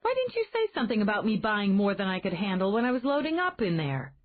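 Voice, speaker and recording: A woman voicing an outspoken, flustered young woman who talks in quick, exclamatory bursts. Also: medium pitch, close to an everyday voice. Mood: animated. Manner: exclamatory, animated. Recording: tinny phone-like band.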